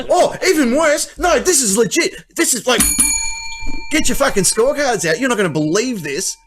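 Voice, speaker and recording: A man co-hosting a comedy chat show, his voice sitting a little high for a man. He tells his stories with big energy, swears freely and breaks into laughs along the way. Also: slight background noise. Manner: animated storytelling, swears freely, laughs often. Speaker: co-host. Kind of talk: casual comedic banter.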